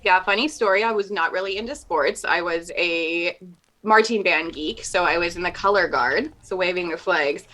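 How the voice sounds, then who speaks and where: A woman game developer chatting casually during a gameplay stream, upbeat and quick to laugh. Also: fairly low pitch, pushed and bright. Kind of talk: casual chat over gameplay.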